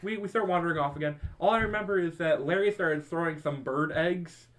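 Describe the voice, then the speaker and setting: A young man hosting a podcast, telling high school stories to friends in a casual way, often laughing and acting out what his friends said. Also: a little fast, crowd noise. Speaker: podcast host. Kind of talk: casual storytelling among friends.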